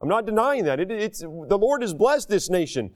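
A man's voice: high-pitched, very animated, normal speed, darkish tone. A man preaching a sermon from the United States, earnest and conversational, acting out quoted voices as he teaches. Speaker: pastor.

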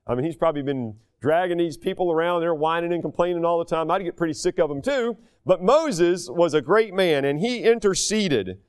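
A man's voice: a little high, animated, a little fast, few pauses, clean tone. A man preaching a sermon from the United States, earnest and conversational, acting out quoted voices as he teaches. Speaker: pastor.

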